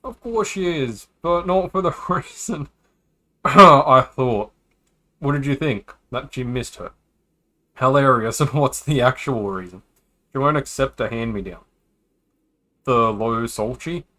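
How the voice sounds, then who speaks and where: A man reads a visual novel's lines aloud on stream in a medium-pitched, sharp-toned voice, unhurried and full of long pauses. He stays casual, tossing in joking asides between the dialogue.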